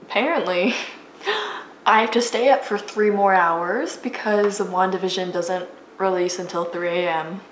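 A woman hosting a casual reaction video, excitable and chatty. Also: mid-range voice, unhurried, a little hiss or hum. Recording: echoey room with music behind.

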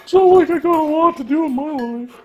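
A man's voice: fairly quick, narrow, tinny audio. A man voicing his pet dog as a needy, sassy, whiny animal who only wants to play. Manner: whiny, pleading high voice.

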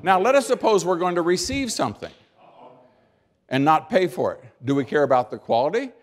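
A man's voice: a little high, lively intonation. Folksy older American man giving a keynote. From United States. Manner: folksy storytelling, acting out little scenes; emphatic pauses, repeats and restarts words. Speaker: keynote speaker. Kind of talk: keynote speech.

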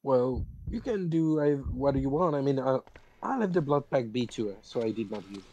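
A man teammate in an online game, calmly explaining tactics and laughing along at jokes. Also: mid-range voice, normal speed, lo-fi sound. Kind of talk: casual gaming chat.

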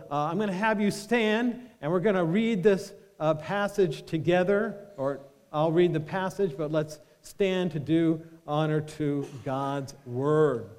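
A man preaching a sermon as pastor, animated and drawing the congregation into call-and-response. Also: fairly high pitch, long reverb tail. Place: church sanctuary.

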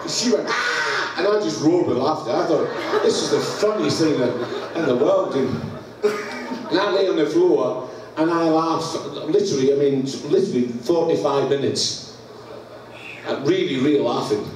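A Scottish man preaching, telling a funny story with lots of laughter and acted-out sounds. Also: a little high. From Scotland. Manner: laughs through his story, acts out sounds. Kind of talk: humorous sermon storytelling. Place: church hall. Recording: echoey church, distant mic, background noise.

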